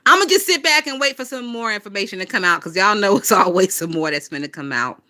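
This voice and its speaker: A woman's voice: mid-range voice, lively intonation, quick pace, bright, forceful tone. A woman in her twenties with a Southern US accent, chatting casually on a phone livestream, swearing and laughing often as she gossips. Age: 20s.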